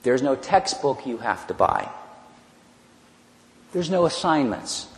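Storytelling preacher in an echoey hall. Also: male voice, mid-range voice, slow. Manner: storytelling, animated, many restarts. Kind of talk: personal testimony sermon. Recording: echoey hall, long reverb.

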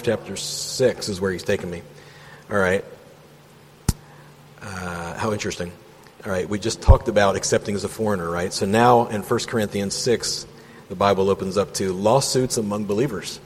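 A man's voice: medium pitch, lively intonation, fairly quick, slightly rough. A man leading an informal Bible study, reading scripture aloud and breaking off to chat and joke with the group. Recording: roomy hall reverb.

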